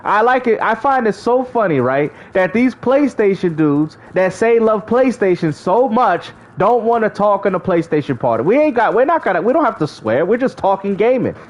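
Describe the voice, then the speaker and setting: A high-pitched man on a gaming livestream, teasing and trash-talking his rivals in casual slang. His voice jumps all over the place, laughing often and never slowing his jabs. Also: big pitch swings. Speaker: gaming streamer.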